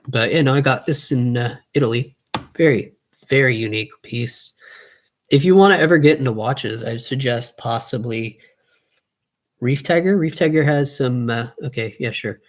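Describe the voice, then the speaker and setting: A young man chatting casually on a live stream, rambling quickly and running out of breath as he talks. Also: mid-range voice.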